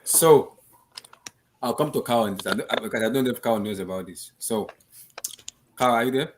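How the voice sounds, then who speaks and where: A man's voice: mid-range voice, a little fast, noisy background. A man hosting a casual group call about football, steering everyone back to the main topic. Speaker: host.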